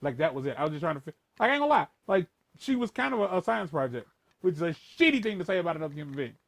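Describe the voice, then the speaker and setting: A man talking casually and rambling with lots of profanity, shifting between a playful voice and a lower, more formal one. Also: big pitch swings, rapid-fire, creaky, no echo. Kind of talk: casual chat.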